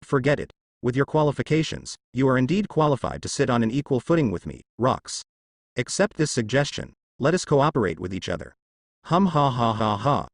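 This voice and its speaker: A domineering pirate boss with a taunting, boisterous manner, read by a male synthetic voice. The pitch swings lively and the sound is close and dry. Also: fairly quick, dry recording. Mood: scheming. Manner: boisterous laughing, grinning taunts. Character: boastful pirate captain, man, domineering.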